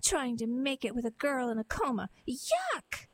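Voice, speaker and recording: Casting: a woman playing a shrill, disgusted young princess, high and sharp. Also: steady tone, brisk.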